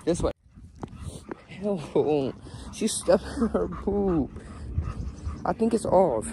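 High, lively man vlogging outdoors. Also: drawn-out words. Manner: animated, talks to his dog and to viewers. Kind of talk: casual vlog chat. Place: outdoor dog park. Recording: outdoor phone recording with clear background noise.

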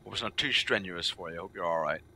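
Male streamer, gravelly and bright, rambling chat with viewers. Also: low voice, fast. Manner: rambling, chatty, repeats himself. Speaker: game streamer.

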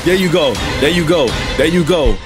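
A man reacting live to a gaming video, excitable and slangy, often yelling advice at the characters on screen. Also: fairly high pitch, moderate pace, over loud music.

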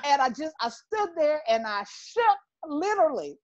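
A woman's voice: high-pitched, sing-song, normal speed, no echo, muffled recording. A woman in her sixties, speaking on a discussion panel and telling a personal story candidly and with feeling. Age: 60s.

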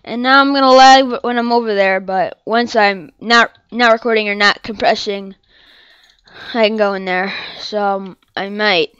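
A woman's voice: mid-range voice, steady tone, normal speed, clean tone, dry recording. A young woman commentating her own game, rambling and apologetic, and crying out in frustration when she loses. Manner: upset, cries out and shouts after dying. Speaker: gameplay channel host. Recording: dull lo-fi mic sound.

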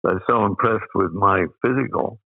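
An older Australian man, fairly low-pitched with vocal fry and a slightly rough quality, speaks at normal speed as an interview guest. He rambles through anecdotes with many "uh" fillers and laughs, on a dry, narrow, tinny recording.

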